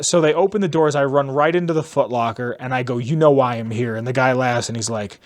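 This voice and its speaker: A man's voice: quick pace, few pauses. A young man hosting a podcast, telling a long story in a rambling, casual way and acting out the people he quotes. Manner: rambling, acts out quotes in lowered voices. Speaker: podcast host.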